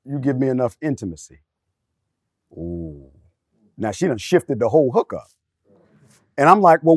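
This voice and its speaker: A middle-aged man telling a candid personal story in casual podcast talk, animated and street-casual. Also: a little high, dry recording, studio quality. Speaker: podcast panelist.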